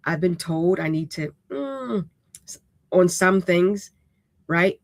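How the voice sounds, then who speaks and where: A woman's voice: lowish voice, animated, slow pace, no room sound. A woman hosting a live-streamed writing lesson, talking in a casual, direct and unapologetically raw way, often checking in with "okay?". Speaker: writing instructor and host.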